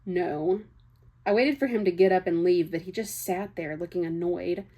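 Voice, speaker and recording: A woman's voice: on the low side, a little fast, warm tone. A young woman reading a novel aloud, chatty, breaking off for casual asides. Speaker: book reader.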